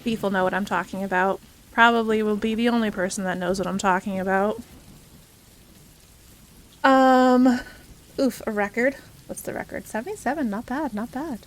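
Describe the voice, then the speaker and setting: Laughing often and calling out viewers by name, a young variety streamer keeps up a casual, cheerful chat on her live stream. She talks fast at medium pitch, with a little hiss or hum in the audio.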